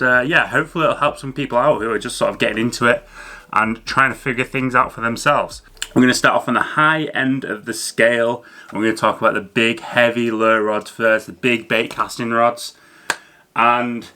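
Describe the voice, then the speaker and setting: A man's voice: mid-range voice, bright, forceful tone. A man hosting a fishing channel, explaining gear in a chatty, casual way to camera. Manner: chatty, loose with fillers and restarts. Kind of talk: casual educational talk to camera.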